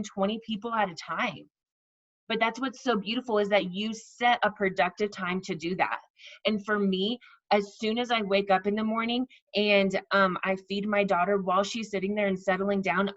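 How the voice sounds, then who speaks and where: A woman's voice: medium pitch, highs cut off. A woman coaching her sales team in a casual, chatty way, repeating herself and acting out sample messages. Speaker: network marketing team leader.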